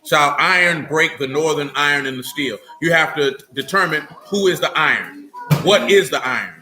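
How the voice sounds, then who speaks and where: Black guy teaching bible verses to a small group, slightly high bright voice, stern. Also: lively intonation, slight background noise. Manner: stern and scolding, drawling slowly over key words. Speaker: teacher of a small religious assembly. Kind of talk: scripture teaching with questions to listeners.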